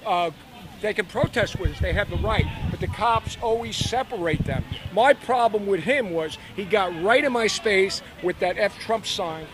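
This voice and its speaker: A man's voice: sits high, normal speed, background noise. A man organizing people at an outdoor political rally, talking in a direct, bossy way and coaxing others to speak. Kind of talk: casual talk at a rally.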